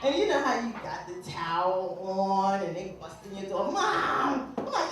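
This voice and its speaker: A woman doing a stand-up comedy set on a small club stage, loud and animated, swearing and acting out characters. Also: medium pitch, normal speed, hardly any pauses, heavy background noise. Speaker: mother of three grown children. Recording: echoey club, distant mic, crowd. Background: audience laughter.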